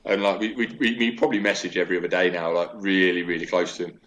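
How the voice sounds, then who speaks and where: Brief: man in his forties, low voice, chatty and animated storyteller, casual interview guest. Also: fast.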